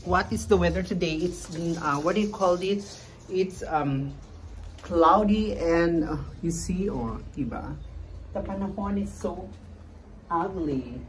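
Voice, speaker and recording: A woman's voice: fairly low pitch, a little slow, slight background noise. A woman with a Filipino accent in a casual morning vlog, chatting and searching for words as she mixes in Tagalog. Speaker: vlogger. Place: outdoors on a balcony, then in a home kitchen.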